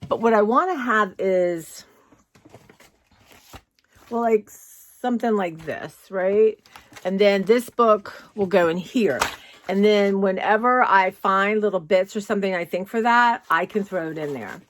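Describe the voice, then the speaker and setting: A woman's voice: mid-range voice, measured pace. A woman vlogging casually from her home, chatty and rambling, often saying "y'all". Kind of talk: casual chat. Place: home, indoors.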